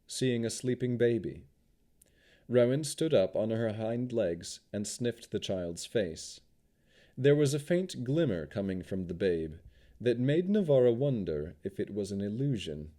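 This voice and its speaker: A man narrating a fantasy audiobook with expressive storytelling. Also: fairly low pitch.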